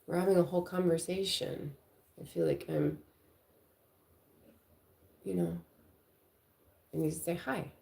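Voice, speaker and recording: A woman's voice: lowish voice, steady tone, measured pace, gravelly, pauses often, warm tone. A middle-aged woman hosting a casual livestream, chatting and telling rambling stories about her daughter. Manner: rambling, chatty, storytelling with quoted voices. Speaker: livestream host.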